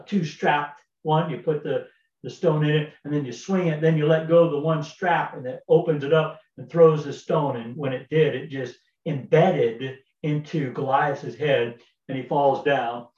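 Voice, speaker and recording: A man's voice: medium pitch, darkish tone. A man casually retelling a Bible story in a folksy way, with fillers and repeated words. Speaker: Bible teacher. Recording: roomy, distant, dull sound.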